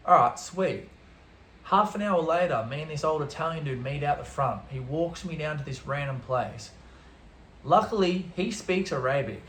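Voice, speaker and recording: An Australian man vlogging an animated travel story in laid-back slang, swearing freely. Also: a little high, moderate pace, a little hiss or hum. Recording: roomy echo.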